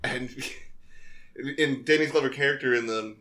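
A man's voice: medium pitch, a little slow, bright, forceful tone. A man co-hosting a casual podcast, retelling movie scenes with plenty of laughter. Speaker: podcast co-host. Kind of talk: casual chat.

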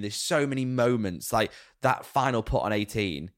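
Podcast co-host, man in his thirties, low voice, dry close sound, relaxed storyteller. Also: normal speed, hardly any pauses, dry recording. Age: 30s. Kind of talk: casual chat.

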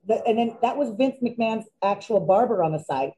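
A woman with a slightly high, mellow voice tells a lively story full of restarts and asides. Her tone stays warm and relaxed. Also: quick pace, hardly any pauses, rough recording. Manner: animated anecdote-telling. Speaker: guest, former wrestler. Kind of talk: casual storytelling.

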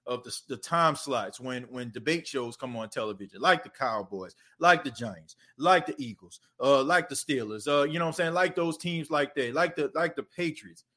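A man's voice: mid-range voice, moderate pace, few pauses, sharp tone. A man hosting a casual sports podcast, talking loosely and conversationally and using lots of filler phrases. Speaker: podcast host.

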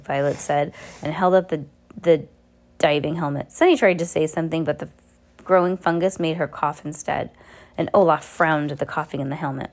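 A woman's voice: sits low, steady tone, normal speed. A woman reading a novel aloud in an unpolished way, often stopping to correct herself. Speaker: reader.

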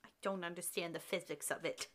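A woman's voice: on the low side, fairly quick. A woman co-host reacting with jokes and banter in a casual chat. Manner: animated, joking reactions. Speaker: podcast co-host.

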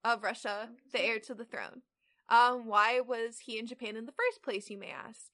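A woman's voice: fairly high pitch, normal speed, fairly bright tone. A woman in her twenties co-hosting a casual podcast, chatting and reading fan fiction aloud with stumbles and hesitations. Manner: hesitant, stumbling over words while reading. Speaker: podcast co-host.

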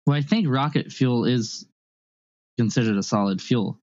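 A man's voice: medium pitch, normal speed, a little mellow, no room sound. A man co-hosting a podcast, explaining things in a hesitant, casual way. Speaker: podcast co-host. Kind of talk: casual chat. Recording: dull, lo-fi dry sound.

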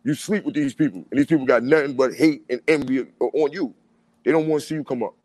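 A man in casual chat, talking in an animated, street-style way and often asking "you know what I'm saying". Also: medium pitch, quick pace, no room sound.

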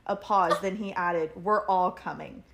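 A woman's voice: fairly low pitch, fairly even intonation, measured pace, creaky, noisy background. A woman co-hosting a casual book podcast. She talks effusively with rambling restarts, is easily moved to tears, and reads passages aloud. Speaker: podcast co-host.

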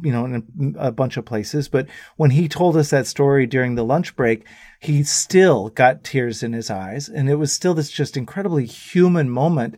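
As a guest in a casual storytelling interview, a musician spins animated anecdotes and imitates the people he quotes. His mid-range voice moves at a moderate pace, recorded at studio quality with no room sound.

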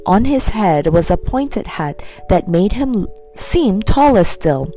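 A woman narrating a children's storybook in an expressive, animated reading. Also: mid-range voice, takes it slowly, soft background music. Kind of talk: scripted narration.

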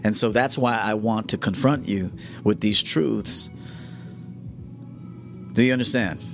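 A man's voice: on the low side, a little slow, gravelly, a bit bright, faint music behind. A man coaching his audience in a live-stream monologue, blunt and confrontational, often checking "okay?". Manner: blunt, lecturing, confrontational, keeps asking "okay?".

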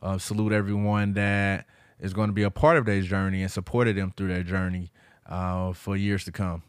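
Animated man telling a story, dry mic. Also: deep voice, normal speed, clear, resonant tone, no echo. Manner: animated retelling, acts out quoted voices. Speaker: podcast host. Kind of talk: casual storytelling chat.

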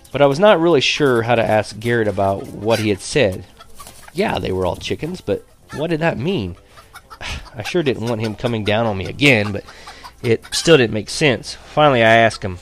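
A man reading a first-person story aloud in a lively, animated way, chuckling now and then. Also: on the low side.

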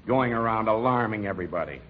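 An actor playing a firm, lecturing police chief in 1940s radio comedy. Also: male voice, on the low side, expressive, quick pace, close to an everyday voice. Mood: stern. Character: stern middle-aged male police chief. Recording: muffled old radio broadcast.

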